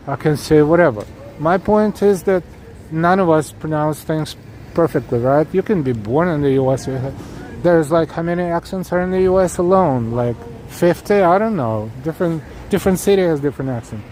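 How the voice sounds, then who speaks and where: A man's voice: a little high, darkish tone. Chatty man walking a city street. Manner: chatty, earnest, talks straight to viewers. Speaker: live-stream walking tour host. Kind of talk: casual live-stream chat while walking, reading chat aloud. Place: outdoors on a city street at evening. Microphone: handheld camera rig while walking. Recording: outdoor street recording with faint traffic noise. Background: faint city street noise and traffic.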